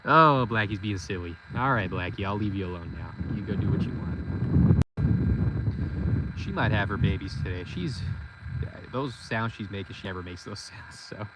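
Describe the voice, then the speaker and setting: Forty-year-old man, low voice, easygoing farm vlogger, noisy outdoor take. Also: expressive, normal speed. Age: 40s. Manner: talks to his goats in a playful, teasing way. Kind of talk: casual chat. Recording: outdoor noise behind. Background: goats and outdoor ambience.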